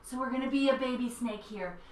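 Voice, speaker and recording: A woman's voice: fairly high pitch, brisk, slight background noise. A woman guiding a children's yoga class in a playful, encouraging way. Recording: roomy echo, mic at a distance.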